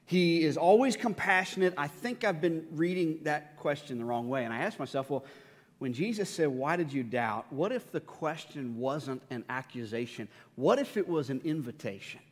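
Male pastor with a slightly high voice, preaching with dramatic acted-out lines in a reverberant church hall. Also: expressive, moderate pace. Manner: dramatic, acts out the Bible voices with rising pitch and force; repeats words and restarts often. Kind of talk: sermon.

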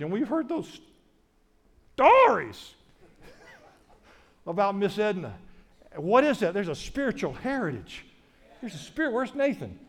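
Middle-aged male pastor, high-pitched, emphatic repetitive preaching. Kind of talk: sermon.

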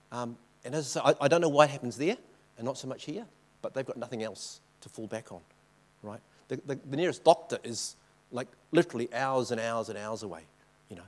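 A man giving an informal church talk with slides, telling stories from the mission field and often checking in with the audience. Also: mid-range voice. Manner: chatty, keeps checking in with the audience. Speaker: missionary speaker.

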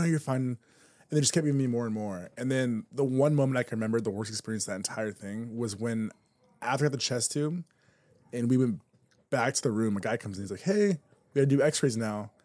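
A man guest on a podcast, telling a personal story in casual chat, animated and peppered with "like". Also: medium pitch. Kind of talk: casual conversation.

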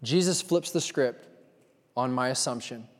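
A male pastor preaching a sermon, swinging from loud emphasis to hushed, confessional moments and repeating phrases for weight. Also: mid-range voice, a little slow, in a large hall.

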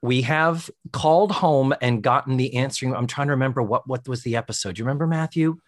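A man's voice: mid-range voice, no room sound, clean studio sound. A man co-hosting a podcast, chatting casually as he recaps a sitcom episode and acts out the characters' lines. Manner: animated, acts out characters' lines in quick voices. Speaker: podcast co-host.

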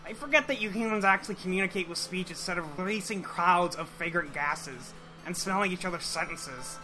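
A man's voice: high-pitched, fairly quick, music in the background, natural voice. A man reading as a nasal, mocking alien troll boy. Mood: taunting. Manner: mocking, insulting, argumentative. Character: crude contrary young male alien troll.

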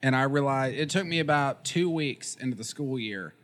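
A man with a Tennessee accent chatting on a podcast, halting, with lots of fillers. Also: mid-range voice, a bit bright. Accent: Southern American, Tennessee. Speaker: podcast co-host. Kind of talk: casual chat.

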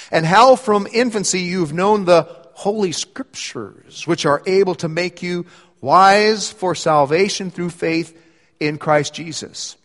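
Animated preaching man in reverberant hall. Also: on the high side. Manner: animated preaching, rising for quoted lines. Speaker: pastor. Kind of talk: sermon.

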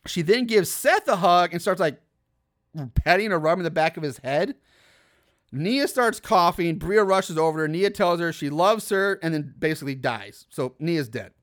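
A young man with a high-pitched voice walks through a film's plot in casual podcast chat. He breaks off into incredulous, laughing asides and swears freely. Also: lively intonation, moderate pace, fairly bright tone. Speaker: podcast host recapping a film. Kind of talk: casual movie recap.

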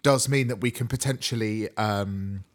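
A man co-hosting a podcast in casual chat, giggly and animated, swearing now and then. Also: fairly low pitch, moderate pace. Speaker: podcast co-host.

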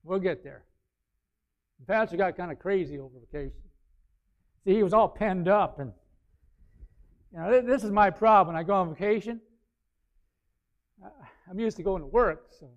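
A male pastor preaching a sermon, animated, swinging between quiet asides and loud bursts. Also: high voice, moderate pace, pauses often. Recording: slightly dull, lo-fi sound.

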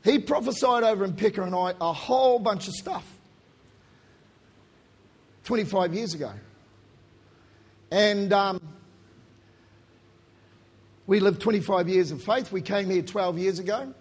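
Husky, high-voiced New preacher. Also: male voice, a little slow, pauses often. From New Zealand. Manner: animated storytelling, swings between loud emphasis and quiet asides. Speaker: pastor. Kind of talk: sermon with personal story.

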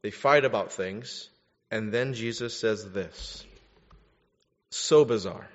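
A man's voice: lowish voice, slow. A male pastor preaching a sermon, emphatic and full of rhetorical questions. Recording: echoey hall, dull lo-fi sound.

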